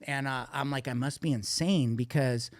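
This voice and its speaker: A man's voice: mid-range voice, normal speed, dry recording. A man guest on a podcast, candidly telling a rambling, profanity-laced story about addiction and recovery. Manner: profane, blunt, rambling with restarts.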